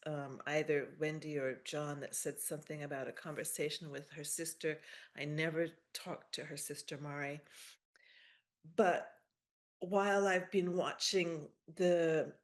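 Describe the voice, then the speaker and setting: A middle-aged woman giving a heartfelt personal remembrance over a video call, halting and pausing often. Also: low-pitched. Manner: halting, with many pauses and fillers. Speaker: memorial speaker.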